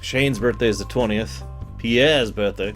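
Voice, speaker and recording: A man's voice: lowish voice, a little slow, fairly bright tone, faint music behind. A man streaming a game, giving casual commentary with dry, wry asides. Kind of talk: casual let's-play commentary.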